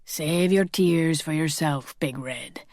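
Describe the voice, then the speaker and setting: Teasing young male shifter, joking banter, slightly low voice, voiced by a woman narrator. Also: slow pace, a little mellow, no room sound, clean studio sound. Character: teasing young male shapeshifter friend, cocky.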